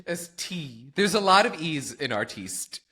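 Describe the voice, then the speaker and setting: A man from Syracuse, New York, co-hosting a podcast in casual chat, gushing and quick to laugh. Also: fairly high pitch, big pitch swings, bright, forceful tone, slightly rough. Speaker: podcast co-host.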